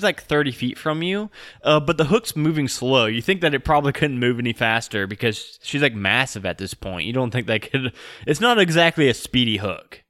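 A man's voice: on the high side, pushed and bright, dry recording. Young male game master; loose, filler-heavy narration, dry sound. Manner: casual, full of fillers like "like" and "uh".

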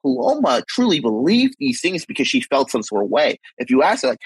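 A man with a somewhat husky voice talks through ideas on a podcast, often restarting his sentences. He is recorded dry on a close mic. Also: on the high side, very animated, fast, hardly any pauses, no room sound, low-quality recording. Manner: thoughtful, rambling, frequent restarts. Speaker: podcast co-host. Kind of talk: casual podcast discussion.

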